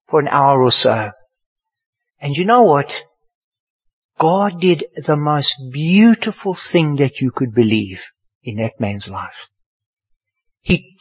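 Animated older preacher. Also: male voice, fairly high pitch, husky. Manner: animated storyteller, swings from hushed to loud. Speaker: pastor. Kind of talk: sermon storytelling. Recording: dull lo-fi sermon recording.

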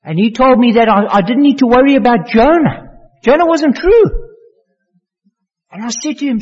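A male pastor delivers a sermon in an unusually high, husky voice, slow and deliberate. His pitch leaps up on the key words he wants to stress. The recording is dull and lo-fi, with a long reverb from a large hall. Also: animated. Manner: slow, emphatic preaching with rising exclamations.

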